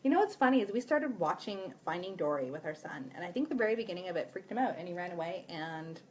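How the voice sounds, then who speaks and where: A woman's voice: fairly low pitch, lively intonation, quick pace, darkish tone, slight background noise. A woman hosting a casual live stream, chatty and giggly, speaking straight to her viewers. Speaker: host.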